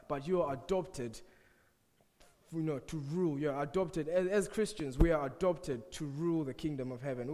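Young man, African accent, slightly high voice, joking youth-church speaker in a reverberant hall. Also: darkish tone. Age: young adult. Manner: playful, teasing asides to the crowd. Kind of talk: church talk with jokes.

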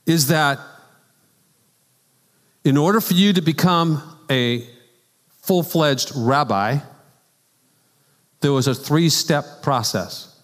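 A man's voice: fairly high pitch, slow, long pauses. A man preaching a conversational sermon as a pastor, telling stories with casual asides. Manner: animated storytelling with asides and laughs. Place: church sanctuary. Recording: long church hall reverb.

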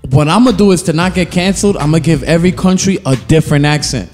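Male podcast co-host, loose storyteller, slightly high voice, long reverb, faint music. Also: fast talker, darkish tone. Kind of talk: casual chat.

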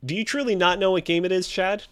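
A man's voice: sits high, quick pace, fairly bright tone, clear, resonant tone. A man hosting a trivia game show, reading clues with a theatrical, teasing quiz-host delivery.

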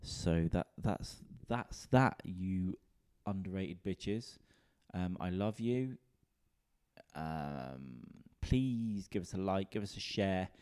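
A man's voice: deep voice, animated, slow pace, darkish tone, smooth, no room sound, clean studio sound. A man, a comedian and podcast host, rambling in a casual, sweary, self-mocking solo rant.

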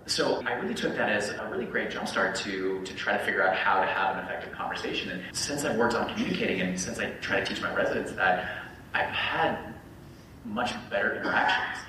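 A man who trains residents looks back on his own training in a relaxed podcast talk, reflective and candid. His voice sits fairly low but sounds bright. He is off the mic in a very echoey room with a light hiss. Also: a little fast. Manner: reflective, tells personal anecdotes. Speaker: physician who teaches residents. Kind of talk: casual podcast discussion. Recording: echoey room, distant mic, faint noise.

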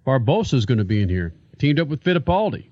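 A man's voice: medium pitch, very animated, quick pace, darkish tone, no room sound. A man hosts a radio show in a dry, close studio sound with a slightly dull tone. He wraps up the segment in a promotional, upbeat manner.

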